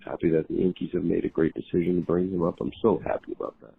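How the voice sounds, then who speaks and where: Low raspy guy on a phone voicemail, earnest and steady, thin phone sound. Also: quick pace. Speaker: caller leaving a voicemail. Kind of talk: recorded voicemail. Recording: tinny phone-line voicemail.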